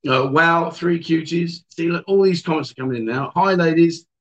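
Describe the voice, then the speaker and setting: A man's voice: fairly high pitch, normal speed, a bit bright, muffled recording. A man hosting a casual livestream, reading out viewer comments and teasing his guests. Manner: joking, teasing, chatty. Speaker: livestream host. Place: bar or venue indoors.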